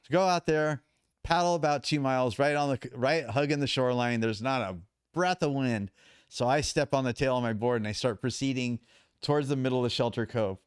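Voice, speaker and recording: A man's voice: mid-range voice, brisk, clean tone, no echo, studio quality. A man guesting on a podcast, telling a story casually and acting out the quoted dialogue.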